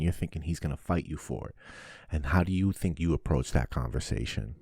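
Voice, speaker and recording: A man hosting a podcast, giving a casual, animated monologue full of swearing. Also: very deep voice, dry recording, clean studio sound. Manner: swears often, animated and preachy. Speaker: podcast host.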